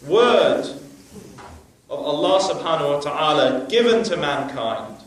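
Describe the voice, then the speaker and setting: A man's voice: fairly high pitch, fairly bright tone, far from the mic, slight background noise. A man preaching a sermon, telling a story with emphasis and religious phrases, recorded in a large, very echoey hall with his voice off-mic.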